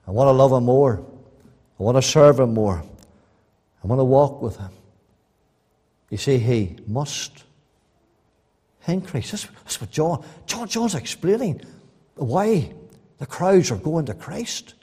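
A man preaching a sermon, swinging between loud rising appeals and quiet, earnest asides. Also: mid-range voice, animated, slow, pauses often, slightly rough. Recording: long hall reverb.

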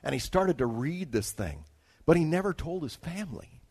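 A man's voice: fairly high pitch, very animated, normal speed, darkish tone, husky. A man from Alaska, a traveling evangelist, telling a personal testimony story in a conversational way, with restarts and asides to his listeners. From Alaska, United States.

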